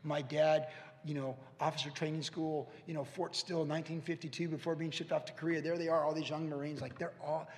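Gravelly-voiced pastor preaching in a hall. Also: male voice, fairly high pitch, little pitch movement. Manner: earnest, storytelling, pauses and restarts. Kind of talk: conversational sermon. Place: church sanctuary. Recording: echoey church hall.

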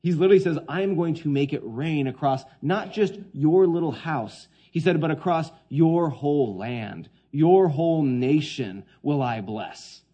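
A man preaching a sermon, swinging between hushed quoted lines and loud, emphatic points. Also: fairly high pitch, lively intonation, measured pace, hardly any pauses, lo-fi sound.

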